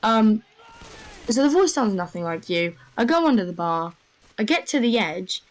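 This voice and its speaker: Young woman chatting over voice chat, rambly and excitable, lots of "like". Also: mid-range voice, moderate pace, rough recording. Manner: rambling, filler-heavy, excitable. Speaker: gamer. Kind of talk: casual storytelling over voice chat.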